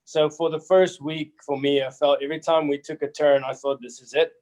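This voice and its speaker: A young man, answering interview questions in an easygoing, halting way. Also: a little high, level tone, a little mellow, low-quality recording. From South Africa. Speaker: rugby player guest.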